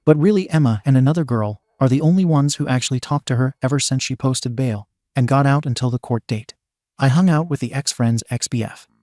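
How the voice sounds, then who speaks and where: Man reading a story in a mellow voice. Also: medium pitch, fairly quick, dry recording, studio quality. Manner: steady reading that spells out abbreviations letter by letter. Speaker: story narrator. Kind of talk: scripted narration of an online post.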